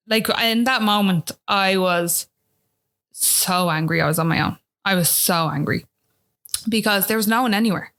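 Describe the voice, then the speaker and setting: A woman's voice: mid-range voice, a bit bright. A woman with an Irish accent, a podcast guest telling a personal story in a chatty way, often asking "do you know what I mean".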